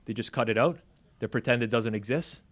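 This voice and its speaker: A man's voice: mid-range voice, brisk. A man co-hosting a live sports betting watch-along, chatting casually and joking through the game. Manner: lively, animated, jokey banter.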